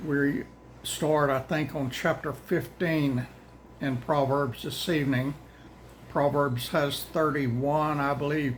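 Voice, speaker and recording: A man's voice: mid-range voice, a little hiss or hum, rough recording. Older man, drawl, rambling. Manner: folksy, plain-spoken, says y'all; rambling, halting, restarts often. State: out of breath. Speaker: host of daily Bible readings. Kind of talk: casual chat to viewers.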